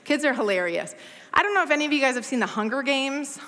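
Woman, 30s, bright and fairly high voice, chatty and self-mocking church guest speaker, long hall reverb. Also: animated, quick pace. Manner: chatty, self-deprecating, fond of "like" and playful asides. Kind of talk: humorous personal talk to a congregation.

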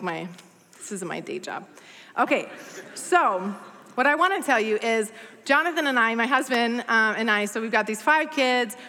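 Woman, 30s, bright and fairly high voice, chatty and self-mocking church guest speaker, long hall reverb. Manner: chatty, self-deprecating, fond of "like" and playful asides. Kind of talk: humorous personal talk to a congregation.

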